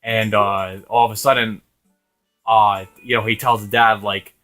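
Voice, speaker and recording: Young man, gaming channel host, lowish pitch, crisp forceful tone, loose profane storytelling. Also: flat delivery, a little slow, faint music behind. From Rhode Island, USA. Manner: rambling, profane, laughs often. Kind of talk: casual storytelling over gameplay.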